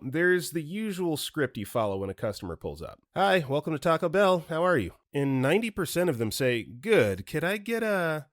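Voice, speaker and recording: Animated man reading stories aloud. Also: mid-range voice, no echo, studio quality. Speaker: story reader and commentator.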